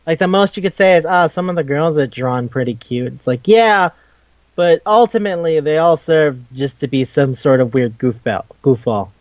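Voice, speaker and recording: A man chatting casually on a podcast, rambling and swearing freely as he retells scenes and slips into quick voices for each character. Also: fairly high pitch, no room sound, dull audio. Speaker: podcast co-host. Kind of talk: casual chat.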